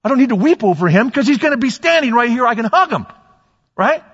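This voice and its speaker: A pastor preaching a sermon, rising to shouts on key points and putting questions to his congregation. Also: very high voice, sing-song, quick pace, slightly rough. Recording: lo-fi, long reverb in a church hall.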